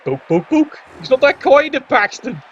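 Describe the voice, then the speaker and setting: Man, high voice, sarcastic play-by-play commentator, dull lo-fi recording. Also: big pitch swings, moderate pace, breathy edge. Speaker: game commentator. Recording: dull lo-fi audio.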